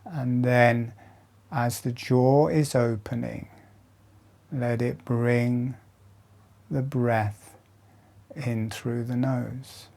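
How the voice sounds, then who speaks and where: A man slowly guiding a breathing meditation with soft, calm instructions and long pauses. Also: mid-range voice, creaky. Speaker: breathwork teacher. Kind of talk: guided meditation.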